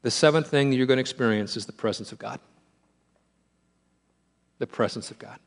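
A man preaching a sermon, emphatic and repetitive, swinging between rising fervor and quiet, hushed moments. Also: medium pitch, normal speed, gravelly. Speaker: pastor.

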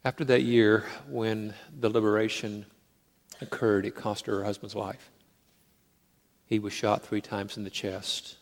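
A man preaching a sermon, moving between loud, emphatic declarations and hushed, intimate storytelling. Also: lowish voice, flat delivery, a little slow. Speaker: pastor.

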